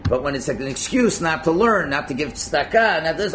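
A man teaching a religious class in a lively, conversational way, acting out little scenes and chuckling at his own points. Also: a little high, fairly quick, a little hiss or hum. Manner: animated, acts out quotes, chuckles at own points. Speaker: Torah teacher.

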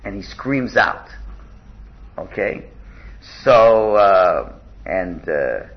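A man's voice: low-pitched, expressive, drawn-out words, highs cut off. A man teaching a religious text in a study lesson, often restarting and repeating words as he glosses Hebrew terms in English.

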